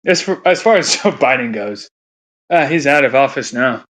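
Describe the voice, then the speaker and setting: Bright-voiced crude rambling man. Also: mid-range voice, animated, normal speed. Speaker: commentator. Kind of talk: casual rant.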